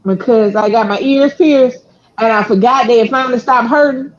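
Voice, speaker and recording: High-voiced woman telling a laughing story. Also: normal speed. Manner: animated, laughing, slangy delivery with acted-out quotes. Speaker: storyteller, channel co-host. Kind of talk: casual storytelling chat. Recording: dull lo-fi sound.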